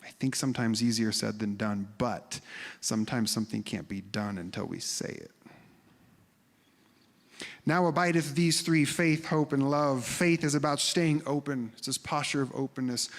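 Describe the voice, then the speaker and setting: Pastor, male, chatty and animated in the pulpit, slightly high voice, reverberant church room. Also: normal speed. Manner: animated, conversational, acts out quoted voices and drops to whispers. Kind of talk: sermon.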